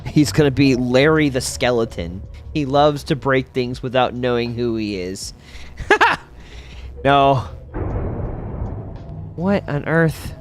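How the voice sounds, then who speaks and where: A man streamer, unhurried chatty delivery full of ums, breaks into excited yelps during gameplay, faint music underneath. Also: medium pitch. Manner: rambling, lots of fillers, with sudden excited outbursts. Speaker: streamer and host. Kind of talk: casual chat while playing a video game.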